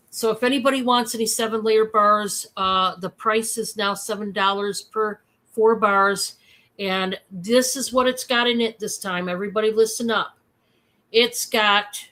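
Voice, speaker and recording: A woman hosting a casual live-stream sale, chatty and excitable, with many fillers. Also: medium pitch, unhurried.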